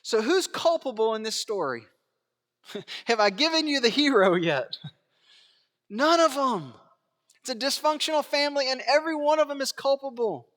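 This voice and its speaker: A man preaching a sermon in a church, swinging between hushed asides and raised emphatic lines, chuckling and asking rhetorical questions. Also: very high-pitched, animated, normal speed, pauses often, in a large hall. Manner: acts out biblical quotes in character voices. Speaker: pastor. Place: church sanctuary.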